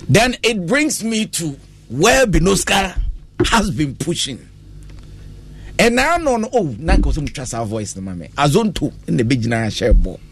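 A man with a Ghanaian accent who hosts a relaxed radio interview, playful and quick to tease. His voice is slightly husky, and his pitch swings widely as he talks. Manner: playful, teasing, laughs often. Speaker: radio host.

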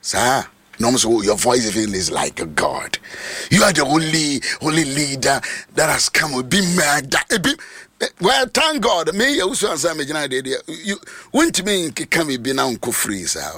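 A Ghanaian man preaching a sermon, shouting and sing-song, repeating phrases over and over. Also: fairly high pitch, very animated, moderate pace, breathy edge, dry recording.

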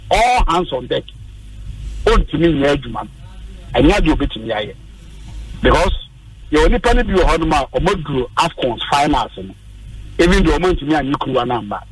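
Radio sports pundit, Ghanaian man, husky and higher-pitched, rallying listeners, a bit off-mic in a dry studio. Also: dry recording, recorded from a distance, low-quality recording. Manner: passionate, rallying and urging. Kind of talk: opinionated radio commentary.

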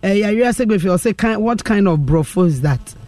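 A Ghanaian man hosting a radio call-in show, with a fairly high voice. He keeps things moving with quick interjections and jokes, taking one caller after another. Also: expressive, a little mellow, dry recording. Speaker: radio host.

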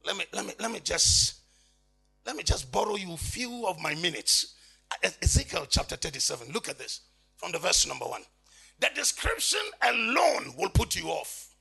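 A man preaching an impassioned sermon, swinging between quiet reading and shouting. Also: high-pitched, big pitch swings, normal speed, gravelly, breathy edge, soft background music.

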